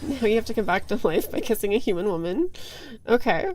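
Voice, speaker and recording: A woman's voice: medium pitch, very animated, a little fast, a little mellow. Playful young woman streamer. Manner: playful, joking, laughs often. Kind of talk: casual gaming chat. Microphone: headphones with a desk mic.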